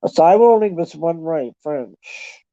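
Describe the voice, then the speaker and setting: A Canadian woman chatting casually in a slow, unhurried way, often thinking aloud and poking fun at herself. Her voice is mellow and dark, and it sounds close and dry. The recording is dull and lo-fi. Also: deep voice, animated, dry recording. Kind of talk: casual chat with online viewers.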